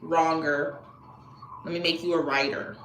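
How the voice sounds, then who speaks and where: A woman's voice: lowish voice, normal speed, a bit bright, a little hiss or hum. Blunt woman livestreaming in an echoey room. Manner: blunt, scolding a commenter. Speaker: livestream host. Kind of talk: casual live chat to viewers.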